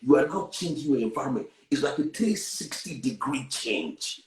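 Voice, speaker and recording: A man, earnestly sharing a personal testimony and swinging between hushed and loud. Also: medium pitch, expressive, normal speed, roomy sound, low-quality recording. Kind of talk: candid testimony on a talk show.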